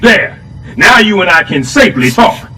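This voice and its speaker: A man voicing a brash, scheming middle-aged building superintendent in a cartoon, loud and sarcastic. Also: high-pitched, sing-song, moderate pace, over loud music. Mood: coaxing. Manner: loud, sarcastic wisecracking, jumps between growls and squeals. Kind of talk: stop-motion cartoon voice acting.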